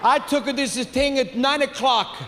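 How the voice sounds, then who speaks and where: High-voiced comedian shouting in a hall. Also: male voice, a little slow. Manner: animated, shouts punchlines, acts out family members. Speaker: stand-up comedian. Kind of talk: stand-up comedy storytelling. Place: large theater stage with audience. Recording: live hall reverb with audience noise.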